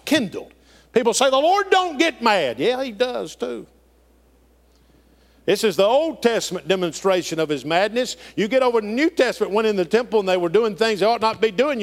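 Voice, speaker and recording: Animated preacher man. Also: high-pitched. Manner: preaching with rising and falling emphasis, folksy phrasing. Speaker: pastor. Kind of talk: sermon.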